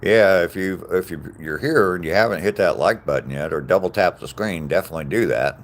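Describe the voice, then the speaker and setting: Out on a walking trail, a man in his sixties chats casually on a live stream, reading comments and greeting viewers by name with plenty of ums. His voice is deep and his pace brisk.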